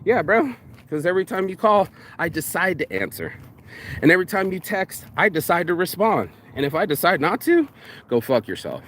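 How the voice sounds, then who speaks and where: A man's voice: high-pitched, sing-song, moderate pace, a bit bright, slight background noise. A man vlogging outdoors in a park, ranting bluntly and profanely in a casual monologue.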